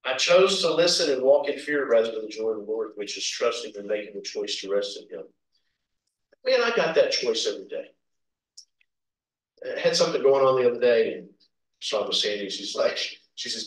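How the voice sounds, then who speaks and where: Speaking at normal speed with an expressive, medium-pitched male voice, a folksy preacher from Kentucky, USA, shares personal stories in an informal sermon. He chuckles and calls out amens in the church sanctuary, recorded on a distant mic in an echoey hall.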